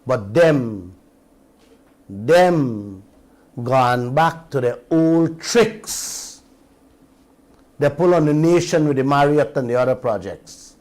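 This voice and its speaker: Slow, preaching Guyanese radio host. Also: male voice, mid-range voice, expressive, a little mellow. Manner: preaching, rhetorical questions to listeners; mixes standard English with creole. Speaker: radio talk show host. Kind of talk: impassioned radio commentary.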